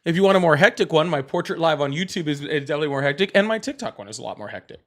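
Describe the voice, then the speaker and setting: A man's voice: fairly high pitch, animated, racing. A man from the Southern US hosting a casual live call-in chat, laughing, teasing and repeating words. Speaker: livestream host.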